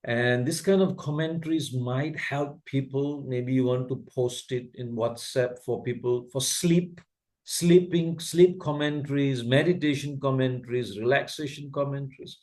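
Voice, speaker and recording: Slow, patient man teaching software. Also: medium pitch. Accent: Asian English. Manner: patient, repeats checks like "can you see that?". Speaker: trainer teaching video editing. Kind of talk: slow step-by-step software tutorial.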